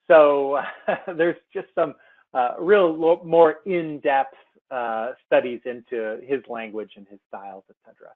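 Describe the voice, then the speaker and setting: A man presenting a software seminar by screen share, talking through it casually with many ums and restarts. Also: medium pitch, measured pace. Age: adult. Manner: chatty, many fillers and restarts. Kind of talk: screen-share webinar demo. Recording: tinny phone-like webinar audio.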